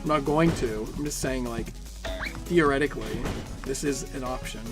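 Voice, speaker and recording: A young streamer talks to chat mid-game in a mid-pitched voice, with a dry, sarcastic, self-mocking ramble. Faint game music plays underneath. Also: normal speed. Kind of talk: casual live-stream chat while playing.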